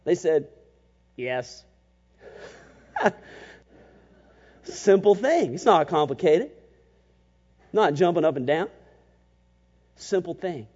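A man preaching a sermon as pastor, animated and emphatic, sometimes slipping into mocking voices to make a point. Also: on the high side, slow, pauses often, breathy edge. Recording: muffled, long church reverb.

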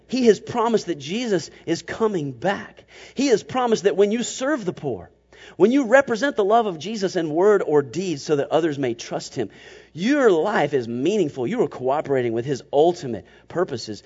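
A man preaching a sermon as pastor, animated and emphatic, sometimes slipping into mocking voices to make a point. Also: high voice, normal speed, slightly rough. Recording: muffled, long church reverb.

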